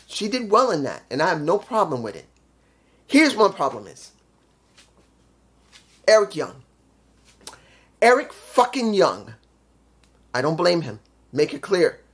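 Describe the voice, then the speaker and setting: A man giving a casual spoken review of a wrestling show, ranting with frustration and heavy swearing. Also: on the high side.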